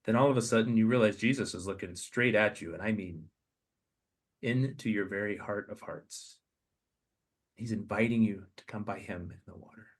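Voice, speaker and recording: A man with a fairly low voice guides listeners through an imaginative meditation. He speaks softly and slowly, pausing and restarting his sentences with a gentle, hesitant touch. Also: slightly rough. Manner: slow, soft, hesitant restarts. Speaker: podcast host.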